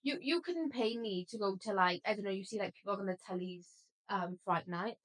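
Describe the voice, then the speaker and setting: A woman's voice: mid-range voice, a little fast, low-quality recording. A young woman co-hosting a casual podcast, rambling with lots of "like" and "um". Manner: rambling, filler-heavy chat. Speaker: podcast co-host. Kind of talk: casual chat.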